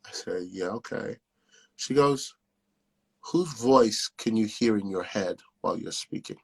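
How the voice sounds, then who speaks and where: A man's voice: lowish voice, measured pace, vocal fry, breathy edge, poor audio. A man telling a personal story on a call, acting out the dialogue from it as he goes. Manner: acts out the dialogue in his story. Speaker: speaker sharing testimony.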